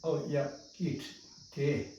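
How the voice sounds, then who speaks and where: A man's voice: a little high, level tone, slow pace, dark tone, lo-fi sound. A man with a Tibetan accent teaching a language lesson, patiently explaining rules step by step and repeating words. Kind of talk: slow spoken language lesson. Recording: echoey room, distant mic, faint noise.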